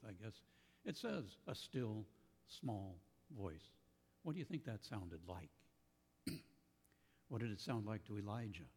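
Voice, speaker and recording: A man with a fairly low voice delivers a sermon, thinking aloud with frequent pauses and restarts. His words ring out into a reverberant hall. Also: darkish tone, husky. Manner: slow, thoughtful, with pauses and restarts. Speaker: preacher.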